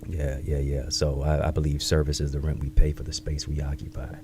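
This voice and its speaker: A man in his thirties, an author and speaker, telling his life story in an interview in a reflective, measured way, with catchy sayings. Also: a bass voice, completely flat delivery, a little mellow, a little hiss or hum.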